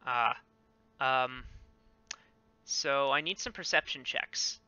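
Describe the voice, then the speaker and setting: A man running a tabletop game as game master, talking haltingly with many ums and self-corrections over a dull lo-fi mic. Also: medium pitch, sharp tone, clear, resonant tone, no echo.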